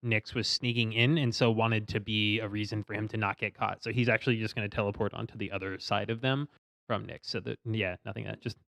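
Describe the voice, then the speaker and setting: A man playing a tabletop game who chats casually and thinks his moves through out loud. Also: lowish voice, steady tone, brisk, creaky, no room sound. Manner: chatty, thinks aloud. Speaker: player.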